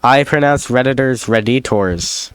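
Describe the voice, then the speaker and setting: A man's voice: medium pitch, unhurried, smooth, no echo, studio quality. A young man chatting in a rambling, self-deprecating vlog, drifting off into jokey asides. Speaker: YouTuber. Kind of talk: rambling solo vlog chat.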